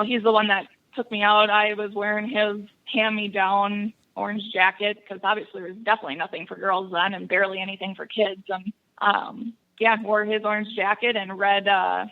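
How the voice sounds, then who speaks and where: Over phone-quality audio, a Wisconsin woman from Buffalo County shares hunting tales as a podcast guest in a relaxed interview. Her gravelly, medium-pitched voice runs at normal speed with few pauses, and she laughs a lot, telling stories with energy.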